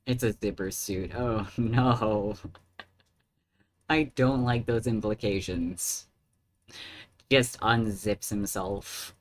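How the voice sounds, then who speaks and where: A man's voice: on the low side, fairly even intonation, slow pace, long pauses, a little hiss or hum. Chatty man streaming a game. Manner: chatty, joking asides. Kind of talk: casual game commentary. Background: background music.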